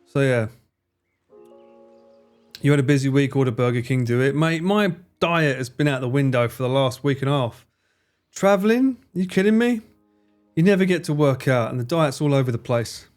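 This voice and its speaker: An excitable man talks over his game as a streamer, his pitch leaping up and down as he swears and laughs at what happens on screen. Faint music sits underneath his voice. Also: normal speed, long pauses. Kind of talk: casual gameplay commentary.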